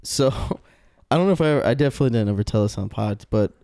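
A young man chatting on a podcast, rambling through a story with lots of fillers and swearing. His voice is mellow and dark, and the sound is dry and close. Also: mid-range voice, animated, quick pace, vocal fry, dry recording. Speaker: podcast host. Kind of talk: casual podcast chat.

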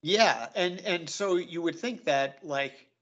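A man talking casually on a comics podcast. His voice sits a little higher than most men's. He rambles, stacks up fillers, and keeps checking in with "right?". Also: slow, fairly bright tone, muffled recording. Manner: rambling, full of "you know" and "right?". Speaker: comic book podcast co-host. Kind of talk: casual chat.

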